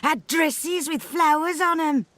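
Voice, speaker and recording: A half-mad old grandmother from a video game, rambling and scolding in a slow, drawn-out way. She drifts between suspicion and fond memory. Her speech wanders. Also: high-pitched, a bit bright, no echo. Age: older. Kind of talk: video game cutscene acting.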